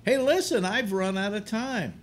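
A man's voice: high voice, lively intonation, moderate pace, slight background noise. An older man hosting a talk show, rambling bluntly and grumbling through restarts. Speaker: radio talk show host. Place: apartment.

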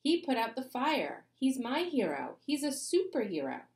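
A woman voicing an excitable, hero-worshipping schoolboy in a storybook reading. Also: high-pitched, normal speed, reverberant, voice pushed up. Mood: thrilled. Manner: eager, exclaiming.

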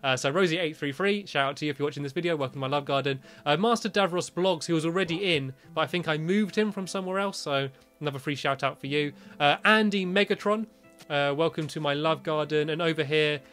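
A man's voice: a little high, fast, fairly bright tone, faint music behind. Chatty British young man narrating a game. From Britain. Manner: chatty, rambling, shrieks when scared. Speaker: gaming YouTuber. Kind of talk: casual gameplay commentary.

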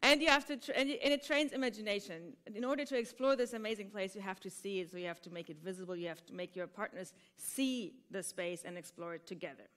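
A woman's voice: medium pitch, fast, few pauses, fairly bright tone. Lady improv teacher explaining games at a conference, keeps asking right?. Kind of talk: conference talk.

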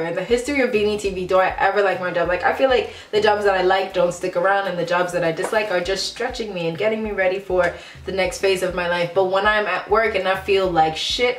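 Woman, late 20s, casual candid vlog, echoey room, soft music underneath. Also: mid-range voice. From United States, Ghanaian family. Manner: chatty and candid, many "like" fillers. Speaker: vlogger. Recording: roomy echo, faint background music.

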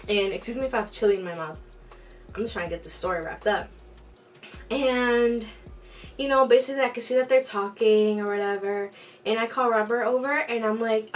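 A woman casually telling a storytime while eating, animated, acting out the people in it, swearing freely and filling with "like". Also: mid-range voice, a little fast, recorded from a distance, soft background music. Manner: animated, acts out quotes with shifting voices; swears freely, frequent "like" fillers. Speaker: storytime vlogger.

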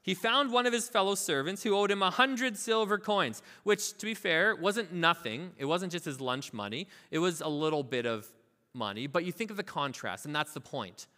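A man preaching a sermon as pastor, telling a parable with lively asides and acting out the characters' voices. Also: sits high, moderate pace, in a large hall. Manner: informal, filler-heavy asides. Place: church sanctuary.

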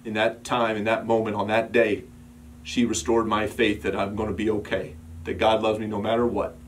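A man preaching a sermon as pastor, building emphatic repeated calls and sometimes dropping to a soft, quiet storytelling voice. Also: on the low side, monotone, moderate pace, a little hiss or hum.

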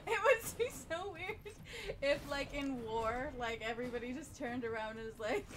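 A woman's voice: high voice, lively intonation, normal speed. A woman streaming a game, chatting casually and laughing often. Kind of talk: casual chat while playing.

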